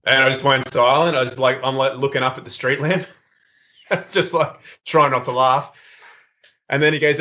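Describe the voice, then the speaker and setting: A man's voice: mid-range voice, fairly even intonation, a little fast, sharp tone. A man, a podcast guest, telling a rambling funny anecdote with lots of fillers and laughter. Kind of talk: casual storytelling in an interview. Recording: slightly lo-fi podcast audio.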